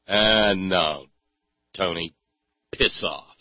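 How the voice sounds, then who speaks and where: A man's voice: lowish voice, moderate pace, slightly rough, no room sound, dull audio. A man ranting in sarcastic, angry commentary and swearing freely. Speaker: political commentator.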